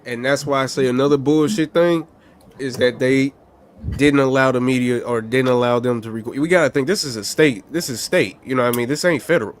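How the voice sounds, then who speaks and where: A man's voice: mid-range voice, brisk. An irritated man on an online panel, talking loosely and conversationally. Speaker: panel guest. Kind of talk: casual live panel debate.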